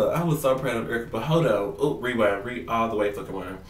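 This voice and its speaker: A man casually reviewing a reality show for his vlog, talking in animated, profane slang and acting out what people said. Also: mid-range voice, quick pace, hardly any pauses, recorded from a distance. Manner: animated, profane, slangy, acts out quotes in voices. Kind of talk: casual gossip commentary to camera. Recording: roomy sound, away from the mic.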